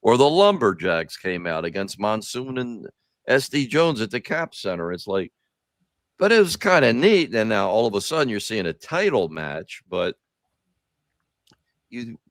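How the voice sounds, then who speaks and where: A man's voice: on the low side, big pitch swings, unhurried, no echo, studio quality. A man hosting a podcast, chatting in a rambling, profane, nostalgic way. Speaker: podcast host. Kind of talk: casual chat.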